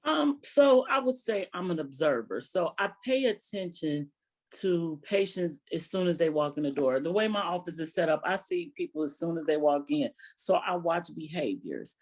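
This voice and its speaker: A woman physician answering interview questions calmly, telling stories and quoting her patients. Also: on the low side, moderate pace. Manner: calm, storytelling with quoted patients.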